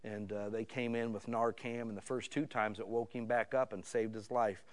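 Middle-aged american guy preaching, chatty storytelling, goes from soft to fired up. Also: lowish voice, fairly even intonation, moderate pace. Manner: conversational storytelling, shifts from quiet to loud and heated. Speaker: pastor. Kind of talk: sermon with personal story.

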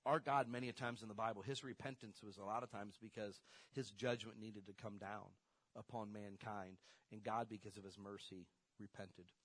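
A man preaching a conversational sermon as a pastor, swinging between loud emphatic bursts and quiet storytelling asides. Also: fairly low pitch, fairly even intonation, normal speed, dry recording.

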